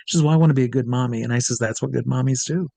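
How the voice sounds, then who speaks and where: A man, a drag performer and hypnotist, telling a lively anecdote as an interview guest, acting out the quoted voices and swearing freely. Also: mid-range voice, very fast, vocal fry, no room sound. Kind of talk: casual storytelling in an interview.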